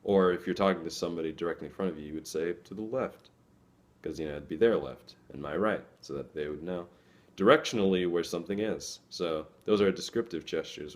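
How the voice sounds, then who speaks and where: A young man with a very deep voice talks through his points in an easygoing, conversational way. He speaks as a student presenter and slips into short acted-out lines to make each example land. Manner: loose and conversational, acts out little quoted lines. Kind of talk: casual explanatory talk.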